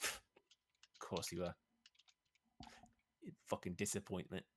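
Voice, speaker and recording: A man's voice: low voice, little pitch movement, slow pace, fairly bright tone, slight background noise. Man doing a stern scarred elf knight woman. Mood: scolding. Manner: curt, scolding.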